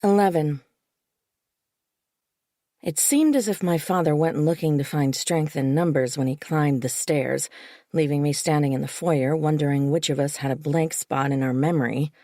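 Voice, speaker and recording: A woman reading a first-person psychological thriller audiobook in a steady, measured way. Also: sits low, no room sound, clean studio sound. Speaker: audiobook narrator. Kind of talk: first-person scripted narration.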